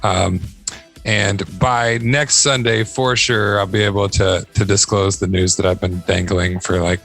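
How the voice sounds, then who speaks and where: A man's voice: on the low side, fairly even intonation, unhurried, gravelly, a bit bright. Man, podcast host, upbeat, laughs a lot, from Ohio, casual chat, faint music behind. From Northern Ohio.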